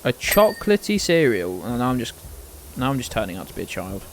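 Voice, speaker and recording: A man's voice: medium pitch, very animated, a little fast, slight background noise. Rambling British man streaming a game. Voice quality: rambling, swears casually, trails off into mumbles. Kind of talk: casual gaming chat.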